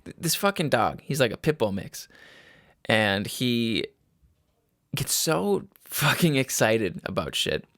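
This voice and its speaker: A man's voice: medium pitch, big pitch swings, slow, fairly bright tone, no room sound, clean studio sound. A young man hosting a casual solo podcast, rambling and swearing, laughing at himself. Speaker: podcast host. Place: a home room.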